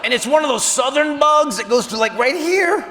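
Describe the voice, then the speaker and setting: A middle-aged man doing a stand-up comedy set, telling a story in a loud, animated way with shouted punchlines. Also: extremely high pitch, normal speed, a crowd in the background. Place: comedy stage before a live audience. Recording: live hall recording with audience noise.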